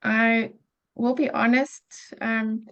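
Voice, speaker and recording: A woman in a group session on a video call, sharing in a measured way with pauses mid-thought. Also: on the high side, level tone, fairly bright tone, lo-fi sound. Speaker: group participant. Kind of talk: casual sharing.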